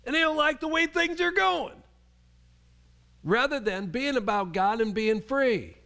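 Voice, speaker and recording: A man's voice: very high-pitched, animated, a little slow, gravelly, bright, forceful tone. A male pastor preaching a sermon in a conversational way, often restarting his sentences and acting out the voices he quotes.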